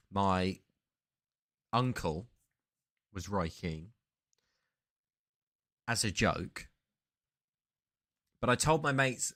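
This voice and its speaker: Rambling man, low-voiced. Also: bright, forceful tone. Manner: rambling, self-interrupting storyteller. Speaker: sports card streamer. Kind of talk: casual live-stream chat.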